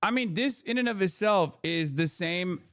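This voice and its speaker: A man streaming live, reacting to video clips with sarcastic, crude and rapid asides. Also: high-pitched, animated, fairly bright tone, no echo, clean studio sound. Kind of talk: casual live-stream commentary.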